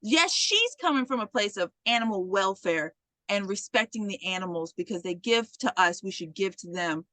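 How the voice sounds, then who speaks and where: A woman co-hosting a podcast in a casual film recap chat, telling scenes in a lively way and voicing characters. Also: mid-range voice, moderate pace, no echo. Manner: lively storyteller, voices characters. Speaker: podcast co-host.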